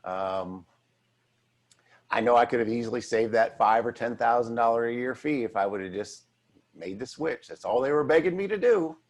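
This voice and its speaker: A man's voice: mid-range voice, animated, normal speed. A man who is a financial advisor, talking bluntly and emphatically in a casual chat with colleagues. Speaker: financial advisor, firm head. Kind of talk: casual office-hours chat.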